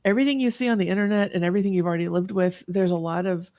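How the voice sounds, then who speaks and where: A woman's voice: fairly low pitch, fairly even intonation, rapid-fire, darkish tone, no room sound. A woman in her fifties, a guest telling her personal story in an earnest, reflective way, with many fillers and restarts. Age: 50s. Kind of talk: personal story in an online talk.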